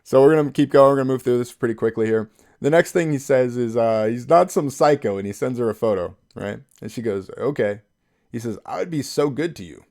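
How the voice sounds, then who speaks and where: Gravelly young male vlogger, relaxed and chatty, laughs often. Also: medium pitch, brisk. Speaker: YouTube host. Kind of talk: casual commentary reading texts.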